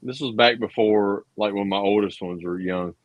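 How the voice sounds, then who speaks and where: A middle-aged man co-hosts a casual podcast over a video call. His voice sits a bit low and the sound is completely dry, and he tells stories in a relaxed, easygoing way. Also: normal speed, dry recording, highs cut off. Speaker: co-host. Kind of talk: casual chat.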